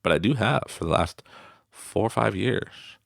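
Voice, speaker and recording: A man's voice: lowish voice, animated, measured pace, gravelly, no echo. A man hosting a motivational podcast in a studio, talking casually, laughing often and acting out the voices he quotes. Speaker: podcast host.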